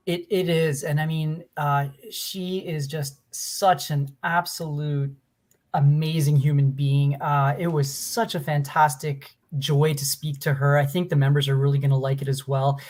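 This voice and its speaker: A man's voice: on the high side, little pitch movement, unhurried, a little mellow. A man chatting as a panel guest, effusive and enthusiastic in his praise. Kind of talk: casual chat.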